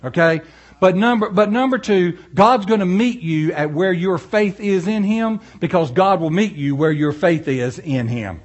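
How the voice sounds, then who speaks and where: A man's voice: high voice, measured pace, lo-fi sound. Folksy preacher man. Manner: folksy, animated storytelling with asides. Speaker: pastor. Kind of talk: sermon.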